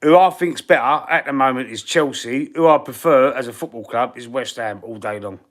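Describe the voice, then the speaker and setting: A Cockney man from East London answers viewer questions on a live stream, his breathing husky and wheezy throughout. He talks bluntly and casually, with plenty of slang, and his voice sits at an ordinary middle pitch for a man. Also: moderate pace, a bit bright. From East London, England. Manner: blunt, slangy and chatty, calling viewers bro and mate. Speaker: fan channel live streamer.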